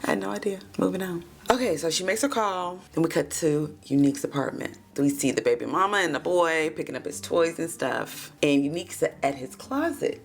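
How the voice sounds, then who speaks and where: A woman's voice: deep voice, lively intonation, brisk, creaky, hardly any pauses. A woman giving a casual, gossipy recap of a TV episode, calling her listeners baby and child.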